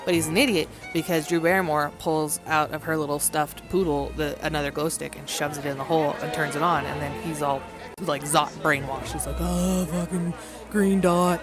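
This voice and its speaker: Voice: medium pitch, flat delivery, a little fast, over music. A movie vlogger giving a casual, rambling and profane recap of a film, mimicking the characters in mock voices.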